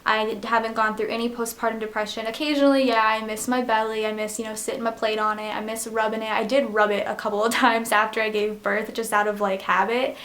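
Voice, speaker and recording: A young woman talks to the camera in a loose, rambling way, her voice sitting a touch high. She leans on "like" and "um" as she goes, open and emotional, close to tears at moments. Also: little pitch movement, fast, hardly any pauses, fairly bright tone. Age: young adult. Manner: rambling, heavy use of "like" and "um"; emotional, near tears at times. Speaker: vlogger. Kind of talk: casual chat to camera.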